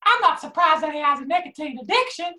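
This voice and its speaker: A woman's voice: high voice, animated, fast, exaggerated voice. A woman playing a brash ex-wife version of Mario in a put-on thick Italian accent, in an improvised comedy podcast. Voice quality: loud and blunt, shouting.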